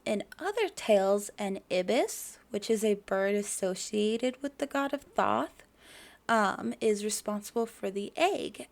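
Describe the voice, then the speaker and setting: A woman's voice: medium pitch, darkish tone. A woman hosting a mythology channel, narrating in a casual educational way with chatty asides to the viewer and jokes about her own pronunciation. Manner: self-deprecating about pronunciation.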